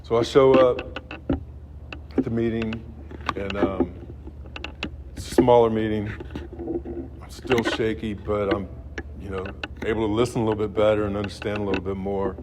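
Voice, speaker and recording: A man in his fifties telling his own recovery story in a halting, blunt, profane way, heard on a noisy recording. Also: fairly low pitch, flat delivery. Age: 50s. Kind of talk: personal testimony at a meeting.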